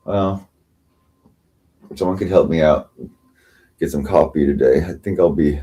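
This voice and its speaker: A tired man rambling through a casual livestream chat, halting and restarting often, swearing freely. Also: very deep voice, mellow, husky. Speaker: livestream host.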